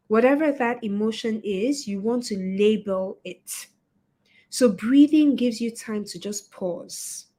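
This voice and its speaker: A woman hosting a webinar, giving a motivational talk and telling a story with lively acted-out quotes. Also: fairly high pitch, slow pace. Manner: expressive storyteller, acts out quoted voices. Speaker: webinar host and etiquette coach.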